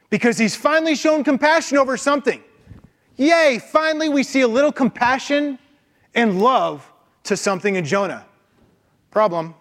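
A man preaching a sermon with an animated, emphatic delivery and frequent rhetorical questions. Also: high-pitched. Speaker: pastor.

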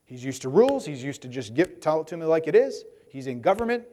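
Conversational preacher in an echoing hall. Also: male voice, a little high, very animated, fast, dark tone. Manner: conversational, acts out voices of Bible figures. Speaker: pastor. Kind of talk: sermon.

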